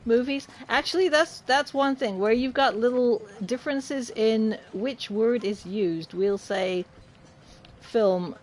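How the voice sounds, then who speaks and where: Unhurried chatty woman streamer. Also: fairly high pitch. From United Kingdom. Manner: chatty, laughs often, talks to chat while looting. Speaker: game streamer. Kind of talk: casual gaming livestream chat.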